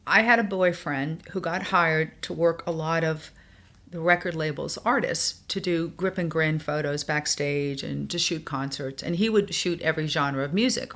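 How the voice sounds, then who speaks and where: A woman's voice: low-pitched, moderate pace. An older woman from New York, a guest in a podcast interview, telling stories and acting out the voices of the people she quotes. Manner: animated, acts out quoted voices.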